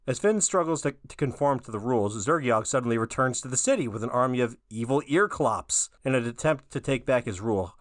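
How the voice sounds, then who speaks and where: A man's voice: mid-range voice, expressive, a little fast, few pauses, no room sound. Laid-back man recapping a cartoon, dry sound. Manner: laid-back, rambling, says "like" a lot. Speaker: podcast co-host. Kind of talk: casual episode recap chat.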